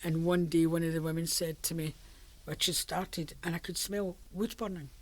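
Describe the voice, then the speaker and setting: She is an older Scottish interviewee with a voice on the low side, keeping a steady tone at a normal speed. Sharing an oral history of her working life, she chats in a storytelling way and often laughs.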